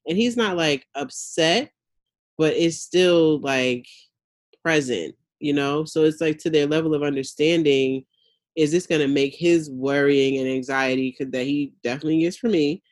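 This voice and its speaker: A woman's voice: deep voice, moderate pace, no echo. A woman, a mother of young children, talking candidly in a casual chat and laughing as she vents. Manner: candid, laughs while venting, acts out her kids' voices. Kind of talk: casual podcast conversation.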